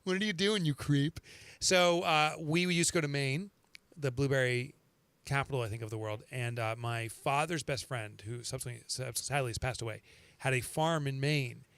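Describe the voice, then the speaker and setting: A man from the Northeast United States hosting a podcast, telling stories in an animated, laughing way. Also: mid-range voice, normal speed, clear, resonant tone, no room sound. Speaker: podcast host. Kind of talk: casual storytelling chat.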